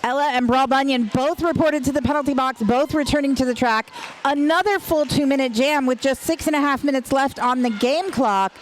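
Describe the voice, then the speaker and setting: A woman's voice: sits high, brisk, slight background noise. Giggly woman calling a derby bout. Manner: chatty, giggly, playful banter. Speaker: roller derby announcer. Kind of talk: live play-by-play commentary. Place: roller derby venue.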